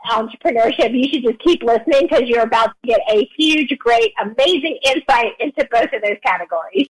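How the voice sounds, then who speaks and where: A woman's voice: on the high side, brisk, breathy edge, low-quality recording. A woman co-hosting a podcast in casual chat, bantering playfully with her co-host.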